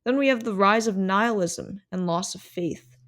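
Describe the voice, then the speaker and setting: A woman's voice: mid-range voice, normal speed, fairly bright tone. A woman hosting a solo podcast, explaining ideas in a reflective, thinking-aloud way. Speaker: podcast host.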